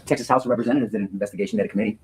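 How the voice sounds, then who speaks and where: A man's voice: fairly low pitch, racing, darkish tone, a little hiss or hum, poor audio. A man speaking as a defense attorney in a courtroom, giving an earnest opening statement to a jury and often repeating words as he restarts his sentences.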